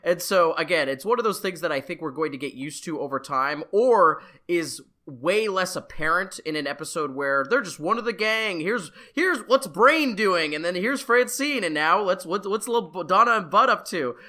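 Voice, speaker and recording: A man from Canada co-hosting a casual podcast, talking in a passionate, animated way with lots of restarts. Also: high voice, moderate pace, hardly any pauses. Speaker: podcast co-host. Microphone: headphones with a mic.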